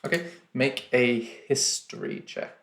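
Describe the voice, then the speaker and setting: A man acting as game master of a tabletop game, narrating at a measured pace and thinking aloud as he describes things. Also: medium pitch, fairly bright tone, a little hiss or hum.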